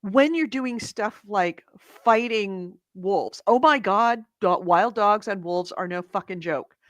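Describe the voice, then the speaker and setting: A woman co-hosting a casual gaming podcast over a call, animated and swearing freely as she tells stories. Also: medium pitch, slow pace, no room sound, clean studio sound. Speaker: podcast co-host. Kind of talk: casual chat. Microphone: remote call mic with echo cancellation.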